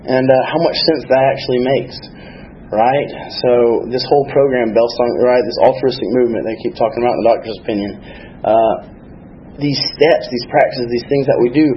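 A man's voice: mid-range voice, muffled recording, slight background noise. A man telling his recovery story at a meeting, candid, rambling and self-deprecating. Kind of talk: personal recovery testimony.

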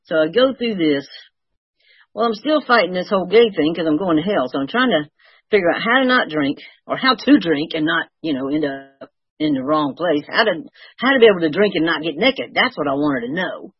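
A woman's voice: sits low, animated, brisk, slightly rough, dry recording, lo-fi sound. An older woman sharing her recovery story with wry, self-mocking humor. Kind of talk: personal testimony, storytelling.

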